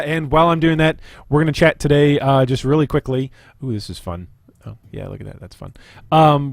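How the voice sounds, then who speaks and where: A man's voice: mid-range voice, darkish tone, no room sound. This is a young man talking through his gameplay for his channel, upbeat and conversational. He explains his points in a loose, chatty way. His voice sits in an average register, and the recording is close and dry, with no room sound. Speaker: gaming video creator. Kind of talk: casual gameplay commentary.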